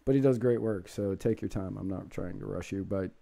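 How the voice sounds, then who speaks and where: A man hosting a podcast in casual chat, talkative and quick to laugh. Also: fairly low pitch, gravelly, mellow. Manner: chatty, laughs often. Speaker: podcast host.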